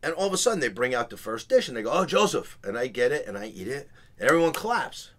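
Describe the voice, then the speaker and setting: A man's voice: mid-range voice, fast talker. A man, telling a long business story on a podcast and acting out the people in it. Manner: animated, acts out quoted people. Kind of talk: casual storytelling.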